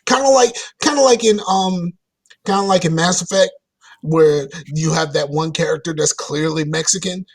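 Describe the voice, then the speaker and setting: Chatting casually about video games, this podcast co-host wanders through his points with many restarts. He speaks at normal speed in a voice on the high side.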